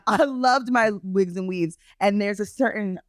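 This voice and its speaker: A man co-hosting a podcast in casual chat, animated and jumping high in pitch for emphasis. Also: a little slow, no room sound, studio quality. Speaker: podcast co-host.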